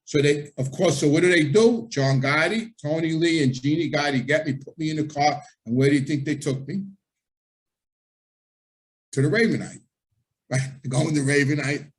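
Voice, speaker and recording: Animated New man telling a story. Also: fairly high pitch, normal speed. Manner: animated, acts out quoted voices, swears freely. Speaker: podcast host.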